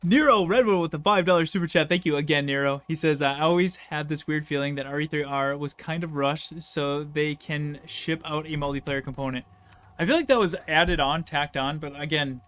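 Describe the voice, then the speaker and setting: A man's voice: a little high, a bit bright, smooth. A man hosting a casual game stream, talking in a laid-back, rambling, joking way while he plays and reads out viewer messages. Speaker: streamer host playing the game.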